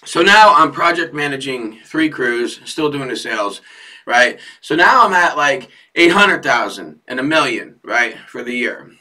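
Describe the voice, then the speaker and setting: A man who owns a fence company gives an energetic business talk, asking "right?" after his points. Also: mid-range voice, measured pace, distant mic. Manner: energetic, repeats "right?" often.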